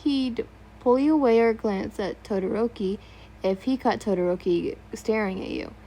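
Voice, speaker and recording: A woman narrates fan fiction aloud, often tripping on words and correcting herself. Her voice sits somewhat high, with a mellow, relaxed tone. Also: moderate pace, rough recording. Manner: stumbles on words and comments on typos. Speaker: story reader.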